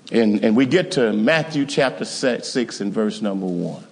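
A middle-aged male pastor tells a story during a sermon in a lowish, expressive voice, keeping a moderate pace with hardly any pauses. He swings between loud exclamations and hushed asides, repeating himself as he goes.

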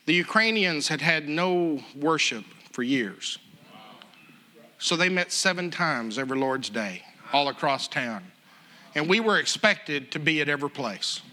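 A man telling a story in a sermon, animated and chuckling as he acts out the other people. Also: on the high side, unhurried.

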